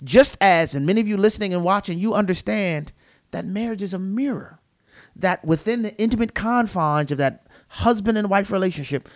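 A man's voice: sits high, moderate pace. A man co-hosting a Christian talk show, speaking in an earnest, emphatic, preacherly way. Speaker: co-host. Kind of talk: Christian podcast conversation, preaching manner.

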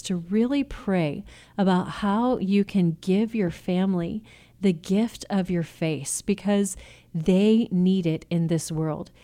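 A woman's voice: lowish voice, mellow. A woman giving a faith-based teaching talk on family communication, earnest and coaching, acting out example phrases. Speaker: Christian family communication speaker.

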